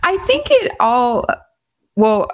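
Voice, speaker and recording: A middle-aged woman talking as a guest in a relaxed, thoughtful conversation. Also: fairly high pitch, slow pace. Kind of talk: casual conversation.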